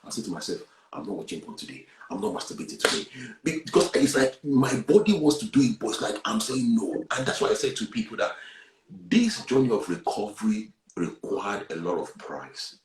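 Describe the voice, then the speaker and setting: A man, earnestly sharing a personal testimony and swinging between hushed and loud. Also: medium pitch, big pitch swings, normal speed, roomy sound, a little hiss or hum, rough recording. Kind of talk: candid testimony on a talk show.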